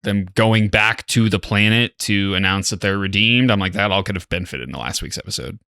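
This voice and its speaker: Tired young man, bright dry voice. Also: fairly low pitch, brisk, gravelly, clean tone, dry recording. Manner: tired, sighing, yawning. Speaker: reaction show co-host. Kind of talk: casual chat.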